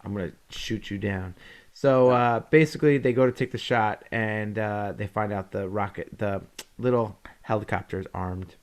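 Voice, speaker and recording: A man's voice: fairly low pitch, steady tone, moderate pace, clear, resonant tone. A man co-hosting a podcast, recapping episodes in a rambling, casual way and acting out lines from the show. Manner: rambling, acts out quotes from the show. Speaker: podcast co-host.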